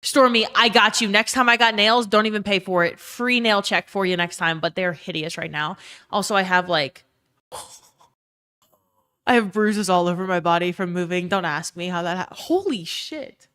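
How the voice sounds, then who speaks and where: A woman's voice: on the low side, steady tone, normal speed, bright, forceful tone, clean tone. A young woman streamer in casual chat, ranting with plenty of swearing and reading chat messages aloud. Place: her own emptied bedroom.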